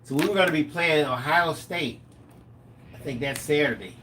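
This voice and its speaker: A middle-aged man co-hosting a live stream, telling stories in a lively, animated way. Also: on the high side, moderate pace, a little hiss or hum. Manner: animated storyteller, acts out quotes. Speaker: co-host of a live craft stream. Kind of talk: casual storytelling chat.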